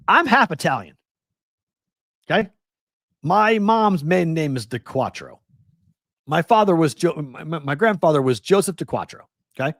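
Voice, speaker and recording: A man's voice: a little high, dry recording, clean studio sound. A man with a Boston accent hosting a live sports betting show, ranting animatedly and firing off rhetorical questions. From Massachusetts.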